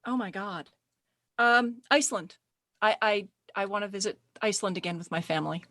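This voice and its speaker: A middle-aged woman chatting as a podcast guest, animated and quick to laugh while telling stories. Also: medium pitch, no room sound, clean studio sound. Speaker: podcast guest, speaker agent. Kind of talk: casual interview chat.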